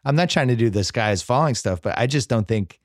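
Talking fast in a medium-pitched, expressive voice, this podcast host rambles wryly about football. The casual sports chat keeps breaking off as he restarts his sentences, and the studio-quality recording has no echo.

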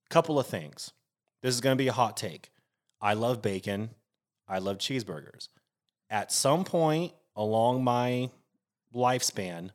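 A man co-hosting a podcast in casual chat, swearing freely and breaking into animated outbursts. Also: medium pitch. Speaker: podcast co-host.

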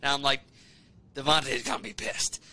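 A man's voice: mid-range voice, little pitch movement, moderate pace, pushed and bright, clear, resonant tone. A man co-hosting a casual sports chat with laid-back, chuckling asides. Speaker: podcast co-host.

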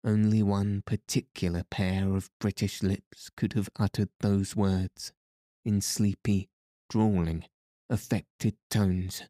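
A man's voice: on the low side, level tone, warm tone, dry recording, clean studio sound. A man reading a bedtime story aloud as a sleep podcast narrator, in a soothing way. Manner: slow, soothing.

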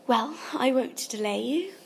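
Narrator doing a nervous proper lady in an audiobook, higher and a bit louder, gravelly edge. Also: lively intonation, a little slow, a little hiss or hum, heavily acted. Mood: uneasy. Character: anxious, uneasy adult woman, polite and formal. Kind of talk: audiobook character voice.

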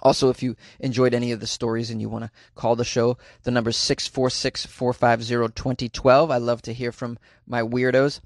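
A man's voice: medium pitch, little pitch movement, fairly quick, few pauses, dry recording, clean studio sound. A man hosting a comedy news podcast, reading odd stories with wry, jokey asides. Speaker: podcast host.

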